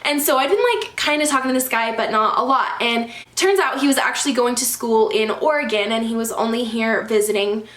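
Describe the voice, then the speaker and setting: A high-pitched young woman talking straight to camera in a casual storytime vlog. She is chatty and animated, leans on "like" as a filler, and sounds exasperated. The room gives her voice a noticeable echo. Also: fairly quick, hardly any pauses. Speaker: vlogger. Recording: echoey room.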